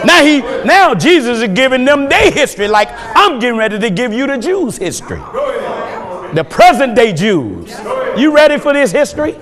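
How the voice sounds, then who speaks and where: A man preaching a fiery sermon, shouting his points with chuckling asides between them. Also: extremely high pitch, very animated, moderate pace, crowd noise. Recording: long hall reverb.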